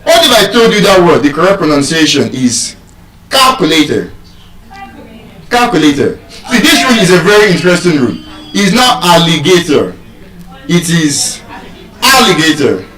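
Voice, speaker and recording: A Nigerian man teaching English word stress to a live audience, animated and quizzing the crowd with questions. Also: sits high, brisk. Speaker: public speaker teaching pronunciation. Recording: echoey hall, voice from far off.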